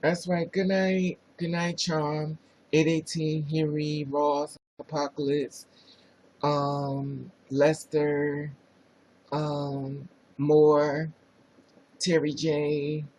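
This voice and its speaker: A man's voice: a little high, little pitch movement, very slow, darkish tone, rough recording. A man with a New Jersey accent hosting a casual livestream, chatting sassily and greeting viewers by name. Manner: sassy, chatty, reads viewer names aloud. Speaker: livestream host.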